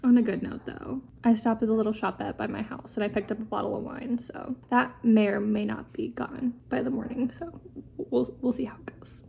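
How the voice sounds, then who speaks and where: A woman's voice: on the high side, fairly even intonation, fairly quick, vocal fry, dark tone. A young woman talking casually in a home vlog, chatty and venting with lots of fillers, emotional and close to tears. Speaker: vlogger.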